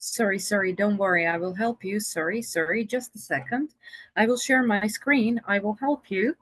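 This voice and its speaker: A woman's voice: mid-range voice, normal speed, a bit bright, no echo. A woman teaching English in a video-call conversation lesson, patient and encouraging.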